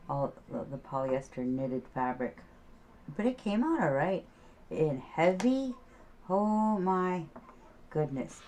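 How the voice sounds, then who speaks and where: A woman's voice: sits low, darkish tone, slight background noise, low-quality recording. A middle-aged woman talking casually about her quilting as she works, chatting and humming to herself. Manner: chatty, hums and sings to herself while working. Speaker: quilting vlogger. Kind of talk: casual crafting talk while sewing.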